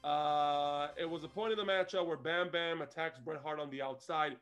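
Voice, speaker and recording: A man with a high voice co-hosts a casual review podcast. He recounts events in an animated way and laughs often, with faint music playing behind him. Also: moderate pace, muffled recording. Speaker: podcast co-host. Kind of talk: casual chat reviewing a wrestling show.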